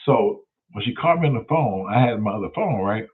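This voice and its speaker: A man's voice: lowish voice, expressive, brisk, husky. A man, hosting and telling a story casually, profane and emphatic. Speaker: host. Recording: tinny phone-like sound.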